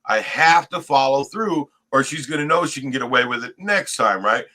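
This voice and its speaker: A middle-aged man telling a story in casual chat, profane and animated, tagging lines with "right?". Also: medium pitch, moderate pace.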